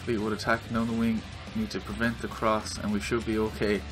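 An Irish man giving his own excitable commentary while playing a football video game, yelling at the screen during big moments. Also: on the low side, fairly quick, music in the background. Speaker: gaming video creator.

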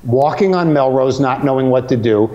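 A male comedian telling a long anecdote from home, lively and acting out the other people's voices. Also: mid-range voice, normal speed, muffled recording. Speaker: comedian guest. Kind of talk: animated storytelling.

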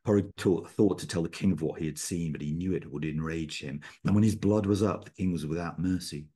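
A man, an author, reading his own fiction aloud over a video call, with a measured, steady storytelling delivery. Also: deep voice, slightly rough.

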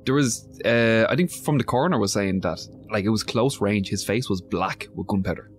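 A man's voice: lowish voice, moderate pace, faint music behind. A British man co-hosting a podcast, chatting casually with dry, sarcastic asides. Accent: British English. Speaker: podcast co-host.

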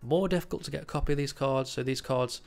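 A man with a cold hosts a casual video on card-collecting news, talking fast in a creaky, nasal voice of medium pitch. His chatty commentary to camera leans heavily on ums and uhs.

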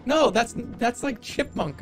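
Playful streamer man, lively voice. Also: very high voice, a little slow, soft background music. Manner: playful, jumps from mumbling to yelling. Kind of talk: goofy live-stream banter.

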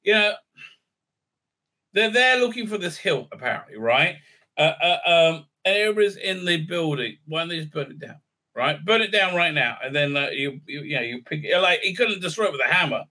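Male reviewer, sarcastic and mocking, with a very bright, tense tone and a slightly high voice. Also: expressive, brisk. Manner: sarcastic, mocking, slips into silly put-on voices. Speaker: show host reviewing a TV episode. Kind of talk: casual recap and review.

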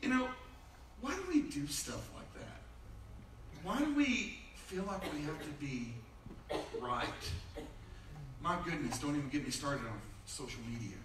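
A man's voice: fairly high pitch, very animated, a little slow, long pauses, fairly bright tone, a little hiss or hum. A middle-aged man preaching a conversational sermon, telling humorous stories and acting out the voices he quotes. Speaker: pastor. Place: church sanctuary. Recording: echoey church from far off.

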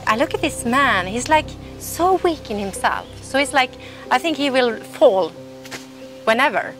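A woman telling her personal faith story in an emotional, halting way, often restarting her sentences. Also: high voice, animated, music in the background. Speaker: testimony speaker.

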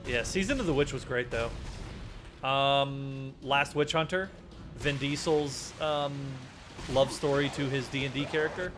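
A man's voice: mid-range voice, a little slow, noisy background. A young man giving casual commentary while playing a horror game, joking, swearing often and yelping at jump scares. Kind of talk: casual let's-play commentary.

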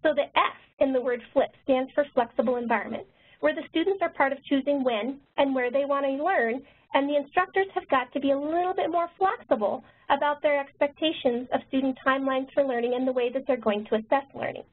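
A woman nurse educator and author who talks quickly, presenting a webinar. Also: sits high. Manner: fast-talking. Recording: tinny phone-line webinar audio.

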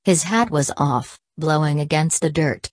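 A woman's voice: sits low, unhurried, dry recording, studio quality. A woman narrating an audiobook, reading every punctuation mark aloud. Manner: reads punctuation marks aloud.

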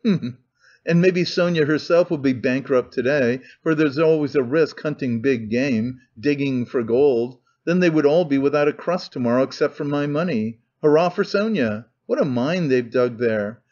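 A man's voice: medium pitch, normal speed, a little mellow, lightly acted. A man voicing a bitter, brooding young man in an audiobook, sneering to himself. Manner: sneering muttering. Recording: dull lo-fi recording.

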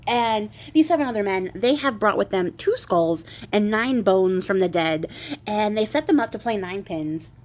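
A woman's voice: medium pitch, animated, moderate pace, a little mellow. A woman casually retelling a fairy tale in a chatty, irreverent way with wry asides. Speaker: crafting channel host retelling a fairy tale. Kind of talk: casual storytelling.

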